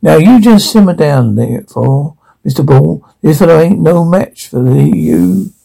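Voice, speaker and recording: A man's voice: fairly high pitch, expressive, a little slow, vocal fry, dark tone, full character voice, rough recording. An actor playing an easygoing hillbilly man in a sitcom, with a drawl and folksy, plainspoken talk. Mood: calming.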